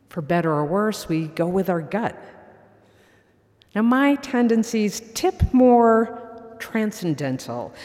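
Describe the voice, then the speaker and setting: A preacher giving a sermon and reading a story aloud in a slow, measured, reflective way. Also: medium pitch, darkish tone. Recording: long hall reverb.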